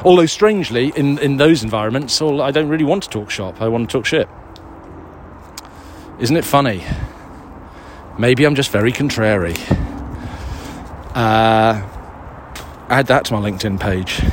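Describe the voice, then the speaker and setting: A man's voice: mid-range voice, moderate pace, pauses often, slight background noise. Breathless man chatting on a walk. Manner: sweary, self-mocking, rambling with laughs. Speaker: podcast host answering listener questions. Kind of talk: casual chat while walking outdoors. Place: woods outdoors, walking a dog.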